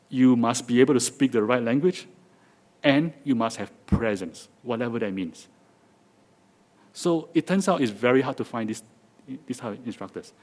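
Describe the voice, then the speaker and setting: A little mellow and mid-range, this man's voice carries a Singaporean accent. He's the guest speaker in a lecture hall, keeping things jokey and conversational for the live crowd while restarting many times.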